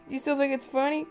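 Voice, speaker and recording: A woman who is sick and under the weather, filming at home with a handheld camera and teasing and coaxing her baby in playful baby talk. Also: on the high side. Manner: coaxing, teasing, sing-song.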